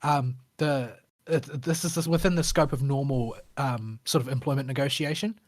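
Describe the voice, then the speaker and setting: A man's voice: mid-range voice, normal speed, no echo. A man co-hosting a casual gaming chat show, blunt and opinionated, often hesitating with fillers. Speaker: podcast co-host.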